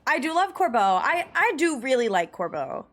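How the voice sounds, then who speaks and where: A woman's voice: sits high, very animated, normal speed, a bit bright. A young American woman streaming a game, chatting in a rambling, enthusiastic way full of "like" fillers and the odd swear word. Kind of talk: casual chat while gaming. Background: faint game music.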